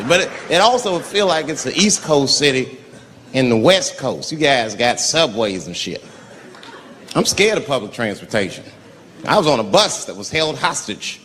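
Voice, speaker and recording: Animated male stand-up comedian, live hall. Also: mid-range voice. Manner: profane, animated storytelling with acted-out voices. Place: comedy stage before a live audience. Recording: live hall, crowd and noise. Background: audience laughter.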